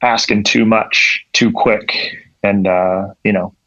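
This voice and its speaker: A young man chatting on a podcast, his lowish voice full of gravelly fry. He rambles and swears freely, stacking up "like" between thoughts. The recording sounds dull and lo-fi, with a close, dry feel. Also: fairly even intonation, takes it slowly, fairly bright tone, no room sound. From Ontario, Canada. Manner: laid-back, rambling, swears freely, lots of "like". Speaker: podcast guest, coffee professional. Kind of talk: casual chat.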